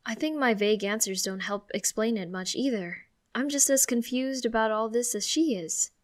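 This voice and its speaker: A woman narrating a first-person audiobook in an expressive, conversational way. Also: on the high side, normal speed.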